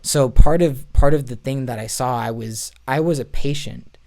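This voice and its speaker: A man's voice: medium pitch, normal speed, mellow. A man telling a long personal story in a podcast chat, rambling with frequent restarts. He plays music for a church. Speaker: podcast guest. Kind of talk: casual storytelling.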